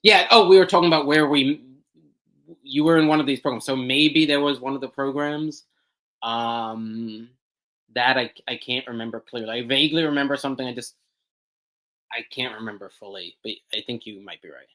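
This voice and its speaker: Young male guest, hesitant and halting, mid-pitch voice, lots of ums; casual interview talk. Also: fairly bright tone, low-quality recording. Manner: hesitant, many ums and restarts, searching for words. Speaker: podcast guest.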